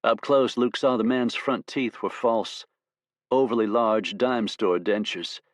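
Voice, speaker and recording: A man narrating an audiobook in a steady, measured storytelling voice. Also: medium pitch, no room sound.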